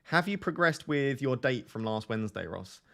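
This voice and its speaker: A man's voice: medium pitch, expressive, normal speed, gravelly, sharp tone. A man hosting a casual fantasy football live stream, reading viewer comments aloud and joking and laughing with them.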